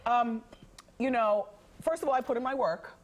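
A woman's voice: fairly high pitch, moderate pace, crowd noise. A woman who hosts her own talk show, chatting as a guest in a TV news studio, emphatic and opinionated with a playful edge. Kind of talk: casual studio chat.

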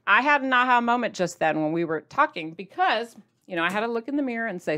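A woman talking straight to her viewers in a casual vlog, chatty and playful, with sudden jumps in pitch for emphasis. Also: lively intonation, fast talker, sharp tone. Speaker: diet vlogger addressing viewers.

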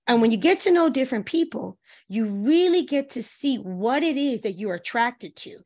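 A woman relationship coach talking as a guest, giving lively advice and acting out playful quotes in different voices. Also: fairly high pitch, moderate pace. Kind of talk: animated advice chat with acted-out quotes.

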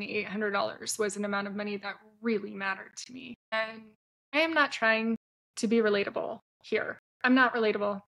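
A woman's voice: medium pitch, creaky, a bit bright. A woman hosting her own podcast as an entrepreneur, talking candidly and casually and swearing freely. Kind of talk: solo podcast monologue.

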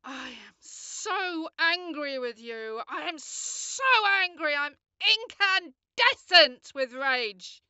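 A man voicing a panicky, shrieking person in a melodramatic wailing falsetto. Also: animated, slow pace, few pauses, bright, forceful tone, no echo, lo-fi sound, exaggerated voice. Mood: furious.

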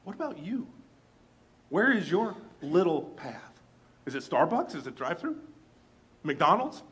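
A man preaching with a lot of movement in his voice. It rises and falls as he tells a story from his own life and acts out the people in it. His pitch sits a little high for a man, and his tone stays chatty and direct with the congregation. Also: a little slow. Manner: animated, acts out quoted dialogue. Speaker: pastor. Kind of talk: sermon storytelling.

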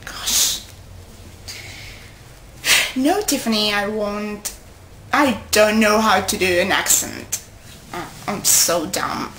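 A young woman vlogging casually to her friends, rambling and excitable, often stopping to correct herself. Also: medium pitch, takes it slowly, pauses often, slight background noise. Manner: rambling, excitable, with self-interruptions. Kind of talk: casual chat to camera. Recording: echoey room.

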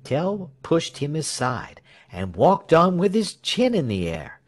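A man reading a storybook aloud as narrator. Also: a little high. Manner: slow, lively storytelling with shifting character voices. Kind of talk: storybook reading with acted voices.

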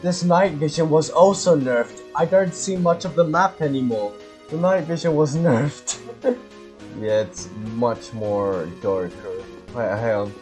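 A man hosts a gaming video, commenting casually while he plays, laughing frequently and crying out in repeated panic when pursued. His voice is fairly high with a darkish tone and a slightly slow delivery, over soft background music.

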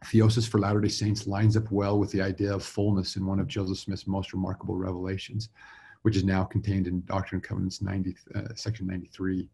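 A man's voice: deep voice, monotone, quick pace, gravelly, dark tone, husky. A man from Utah, a religion professor, giving a recorded symposium talk in an easygoing, self-deprecating way, full of fillers and restarts. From Utah, USA. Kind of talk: recorded conference lecture. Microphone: remote talk recording with screen share.

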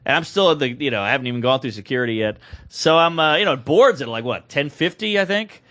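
A man's voice: medium pitch, quick pace. A man co-hosting a podcast, telling a crude comic story in casual chat and acting out the people in it. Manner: animated, crude, acts out voices in anecdotes. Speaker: podcast co-host.

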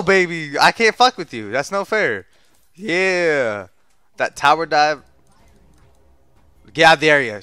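A young man giving profane play-by-play while gaming, muttering low and then yelling and trash-talking his teammates. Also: wildly swooping pitch, unhurried, pauses often, clean tone, dry recording, studio quality. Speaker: gamer streaming his play. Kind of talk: profane gameplay commentary.

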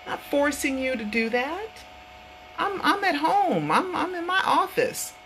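A woman's voice: high-pitched, sing-song, unhurried, fairly bright tone, a little hiss or hum, rough recording. Earnest rambling woman vlogger. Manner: earnest, rambling, repeats herself. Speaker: online show host. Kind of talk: casual vlog talk. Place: home office.

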